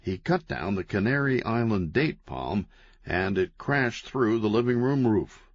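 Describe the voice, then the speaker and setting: A man narrating an audiobook in a wry, deadpan storytelling manner. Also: fairly low pitch, measured pace, no echo. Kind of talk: scripted narration. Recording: dull, lo-fi, dry.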